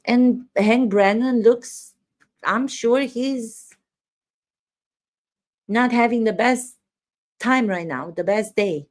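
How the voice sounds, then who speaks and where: A woman acting coach breaking down trial footage in an emphatic commentary. She drives her points home with pointed rhetorical questions, speaking at a mid-range pitch.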